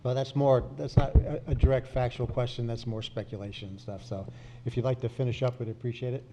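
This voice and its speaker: A man chairing a county commission meeting, speaking in a measured, polite and procedural way. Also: medium pitch, fairly even intonation, mellow, slight background noise.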